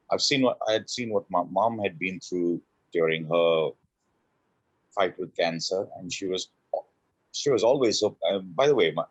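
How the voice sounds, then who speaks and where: A man's voice: low voice, dry recording, poor audio. A middle-aged man telling his personal story as an interview guest, heartfelt and repeating phrases for emphasis.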